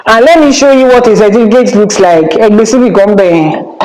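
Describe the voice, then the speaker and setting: A woman's voice: mid-range voice, fairly quick, darkish tone, roomy sound, low-quality recording. A Nigerian woman with a Nigerian accent, giving a spiritual teaching as an Ifá priestess in an emphatic, scolding manner and dropping in Yoruba phrases.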